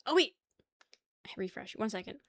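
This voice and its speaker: A woman's voice: medium pitch, animated, normal speed, fairly bright tone, no echo. A young woman hosting a casual livestream, chatting loosely with her viewers, swearing and laughing often. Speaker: livestream host. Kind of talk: casual chat with chat.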